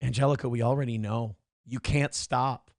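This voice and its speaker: A man's voice: medium pitch, fairly even intonation, normal speed, darkish tone, dry recording, clean studio sound. A man in his thirties hosting a live stream from home, reading chat aloud and mocking a commenter in profane banter.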